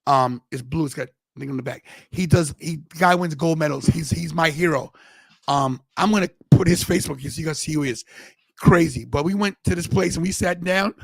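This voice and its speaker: A male podcast host tells a story in loose, rambling casual chat, circling back and restarting sentences at a fairly quick pace. His voice is a little high for a man with a gravelly edge, recorded close and dry with no echo.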